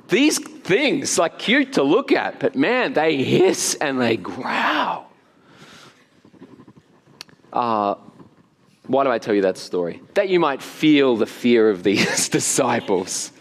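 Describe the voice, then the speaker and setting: A man's voice: medium pitch, slow pace. A man from Australia with an Australian accent, preaching a sermon and telling stories with animation and frequent laughter. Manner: storytelling, animated, laughs often. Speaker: pastor. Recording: long hall reverb.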